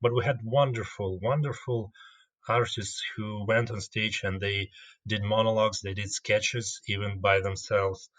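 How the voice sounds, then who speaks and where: A man with a Russian accent, a guest comedian in a casual interview, speaking in a measured way as he searches for words. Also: fairly low pitch, steady tone, fairly bright tone.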